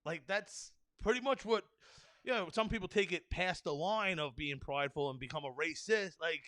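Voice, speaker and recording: High-voiced, bright, profane ranting man. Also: moderate pace, dry recording. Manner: profane, rambling, with frequent fillers. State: tired. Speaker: podcast host. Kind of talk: solo podcast rant.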